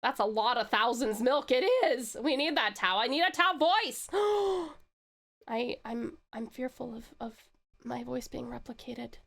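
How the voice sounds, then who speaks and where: A woman's voice: a little high, measured pace, gravelly. A woman from Tasmania with an Australian accent, chatting playfully on a live stream and greeting viewers. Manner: playful, teasing, bursts of excited squeals. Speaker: VTuber streamer. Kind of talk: casual live-stream chat.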